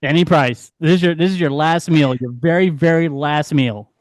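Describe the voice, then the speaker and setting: A man's voice: a little high, steady tone, moderate pace, no room sound, studio quality. A man hosting a casual roundtable chat, eagerly asking questions and often repeating his words. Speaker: podcast host.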